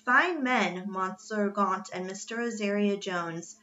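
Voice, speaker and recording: A woman's voice: mid-range voice, takes it slowly, sharp tone, lo-fi sound. A woman voicing a proper, unflappable male butler who speaks politely and formally in a storybook reading. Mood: gently reassuring.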